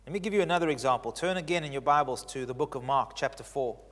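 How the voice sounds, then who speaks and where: A man preaching a sermon as pastor, stressing key phrases by repeating them and swinging between loud declarations and hushed lines. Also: mid-range voice, fast, long reverb tail.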